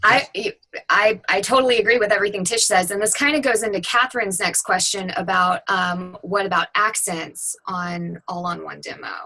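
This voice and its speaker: A woman's voice: mid-range voice, moderate pace, pushed and bright, poor audio. A woman guest on a webinar giving frank, conversational voiceover advice. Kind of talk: casual advice talk.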